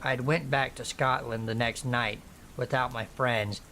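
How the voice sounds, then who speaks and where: Slow, somber male horror narrator. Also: medium pitch, steady tone, pushed and bright, a little hiss or hum. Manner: slow, measured, somber reading. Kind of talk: scripted narration of true scary stories.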